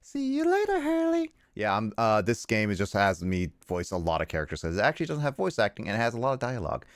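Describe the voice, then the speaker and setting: A man's voice: on the low side, lively intonation, quick pace, a bit bright, dry recording, studio quality. A man streaming a video game, chatting casually in a rambling, self-deprecating way. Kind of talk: casual chat while playing a game.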